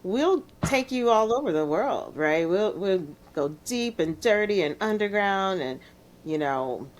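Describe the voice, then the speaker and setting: A middle-aged woman from Chicago, a DJ guest telling her story in a soft-spoken, reflective way with frequent laughs. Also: mid-range voice, lively intonation, measured pace. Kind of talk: relaxed storytelling interview.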